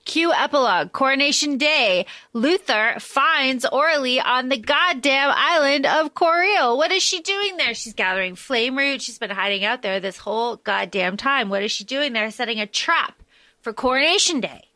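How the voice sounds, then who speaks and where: A woman's voice: high voice, lively intonation, normal speed, sharp tone, no room sound. A woman co-hosting a podcast, recapping a book's ending bluntly and swearing often. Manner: blunt, swears a lot, punchy delivery. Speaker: podcast co-host. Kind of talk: casual book recap chat.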